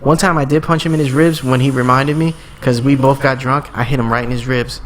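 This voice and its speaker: A young man co-hosting a podcast, telling stories in loose casual chat, swearing freely and jumping up into high voices for imitations. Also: steady tone, fairly quick, a little hiss or hum. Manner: loose storytelling, swears a lot, jumps into high-pitched imitations. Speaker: podcast co-host.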